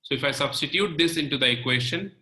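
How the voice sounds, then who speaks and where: A male chemistry teacher walks through a lecture slowly, step by step, checking in with "okay" and "right". His voice is very bright and sharp. The recording carries a noticeable room echo. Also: fairly high pitch. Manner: slow, step-by-step explaining with frequent "okay" and "right". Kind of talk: recorded lecture explaining on a board.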